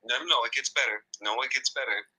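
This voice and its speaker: A man's voice: medium pitch, fast talker, sharp tone, slightly rough, rough recording. A man who works as a store manager, telling a workplace story in casual chat with gossipy indignation.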